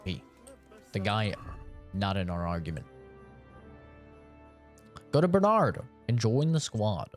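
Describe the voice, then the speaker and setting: Young man, streamer, joking mock-sermon, lively swings in pitch, faint music. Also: slow pace, pauses often. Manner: joking, mock-preachy advice. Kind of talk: casual gameplay commentary.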